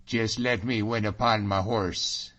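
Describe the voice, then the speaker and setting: A man doing a hearty, mocking Highlander. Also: fairly even intonation, measured pace, a bit bright. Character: bold wily Scottish Highlander, middle-aged man. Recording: dull lo-fi audiobook recording.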